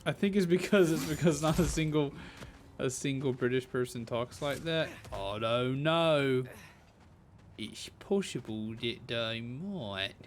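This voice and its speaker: A man's voice: medium pitch, slow pace, slight background noise. A man giving casual live-stream commentary while playing a game, playful and rambling, full of jokes. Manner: playful, joking, rambling asides.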